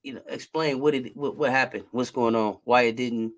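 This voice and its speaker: A man's voice: mid-range voice, steady tone, moderate pace. A man hosting a casual sports chat, laid-back and quizzing his guests. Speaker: host.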